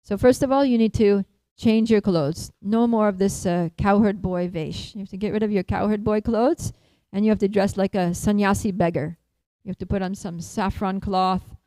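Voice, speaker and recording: A woman voicing a helpful forest goddess who gives brisk, detailed instructions in a louder voice. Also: mid-range voice, steady tone, no room sound, close to an everyday voice, poor audio. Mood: brisk instructing.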